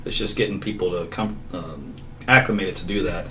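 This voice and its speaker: A man's voice: low-pitched, normal speed, a bit bright. A middle-aged man, a meteorologist hosting a casual livestream, who rambles off on tangents and laughs often. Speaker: meteorologist host. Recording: slightly distant mic with faint background noise.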